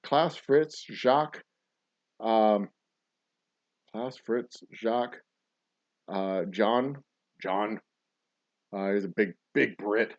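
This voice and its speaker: A man's voice: on the low side, very slow, pauses often, highs cut off. A man hosting a casual chat show while mixing a cocktail, joking and rambling through tall tales with a straight face. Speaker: podcast host and distiller.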